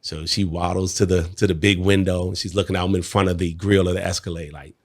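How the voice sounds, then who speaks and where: Deep gravelly man telling a story. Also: fast talker. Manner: animated storyteller, acts out quotes. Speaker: podcast guest, network marketer. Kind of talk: conversational storytelling.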